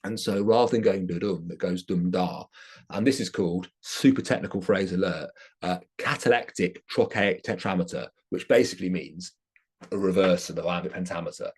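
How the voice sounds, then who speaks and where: A man's voice: sits low, fairly quick, darkish tone, husky. A man giving an academic lecture, explaining his subject with enthusiasm.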